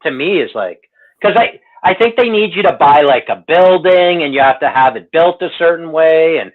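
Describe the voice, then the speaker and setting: A man from Canada, chatting casually in a relaxed, easygoing way. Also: on the high side, moderate pace. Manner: relaxed, easygoing, lots of fillers. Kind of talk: casual chat. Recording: tinny phone line.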